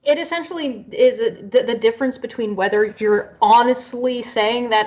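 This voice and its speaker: Female panelist, measured explainer, dull low-fi line. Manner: steady, reasoning explanations. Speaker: panel guest. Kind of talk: casual panel discussion. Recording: dull lo-fi audio.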